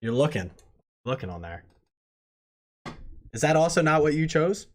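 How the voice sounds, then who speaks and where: A man's voice: on the high side, big pitch swings, moderate pace. A man hosting a live online talk show, chatty, moving things along to the next category. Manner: chatty, moves segments along. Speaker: host.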